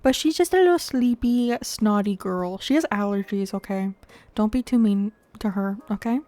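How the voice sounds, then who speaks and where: A woman's voice: medium pitch, normal speed, dark tone, no room sound. A young woman giving chatty, playful commentary while playing a video game, laughing often and talking to her viewers. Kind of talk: casual gameplay commentary.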